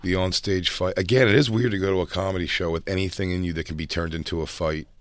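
A man's voice: deep voice, fairly even intonation, fast, no echo. A man co-hosting a casual comedic chat, telling stories in a rambling way and swearing freely. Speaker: co-host.

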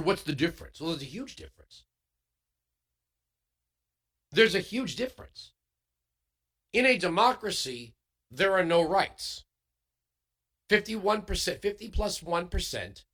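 A man's voice: a little high, bright, forceful tone. A man hosting a political talk radio show, delivering an emphatic, sarcastic monologue full of rhetorical questions.

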